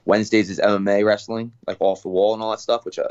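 A young adult man, a fighter guest, talking through his training routine in a relaxed, casual way. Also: lowish voice, smooth, dull audio. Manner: relaxed, talks fast with fillers and restarts. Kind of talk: casual interview.

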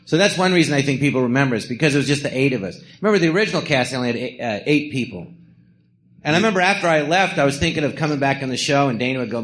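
A man's voice: medium pitch, expressive, very fast, fairly bright tone. A middle-aged man telling rambling stories on a live podcast, slipping into quoted voices between laughs. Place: theatre stage before an audience.

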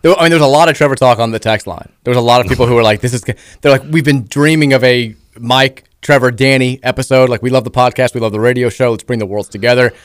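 A man's voice: medium pitch, quick pace, smooth, no echo. A man hosting a sports talk radio show, upbeat and teasing in casual chat. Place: radio studio. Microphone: studio microphone. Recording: dry studio sound.

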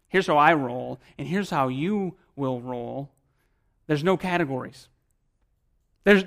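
His voice sits a bit higher than most men's as this pastor delivers a sermon to his congregation. He speaks in a relaxed, everyday style full of casual phrasing, pressing key points with force and then dropping to near-hushed remarks.

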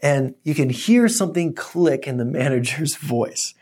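A man's voice: on the high side, unhurried, slightly rough. A man pastor preaching a teaching sermon, opening in prayer and telling stories with energy. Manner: earnest teaching, animated storytelling.

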